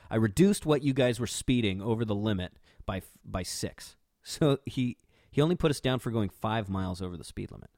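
A young man rambles through a casual story as a podcast host, breaking into laughs. His voice sits slightly low, recorded dry and close with no room sound. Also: darkish tone, dry recording. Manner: rambling, chatty, laughs between phrases.

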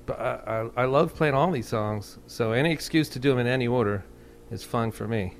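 A man's voice: medium pitch, a little fast, a little hiss or hum. A man talking casually in an interview as a touring band musician, rambling and self-deprecating, with many restarts.

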